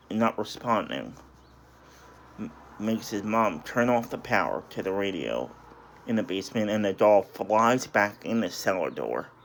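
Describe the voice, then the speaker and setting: A man's voice: lowish voice, a little hiss or hum. A man casually recapping a story, hesitant and apologetic, with many restarts and self-corrections. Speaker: video reviewer.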